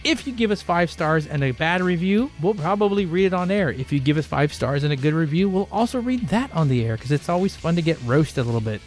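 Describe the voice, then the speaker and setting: A man hosting a podcast in casual chat, loud, playful and teasing. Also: fairly high pitch, lively intonation, a little fast, hardly any pauses, faint music behind. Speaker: podcast host.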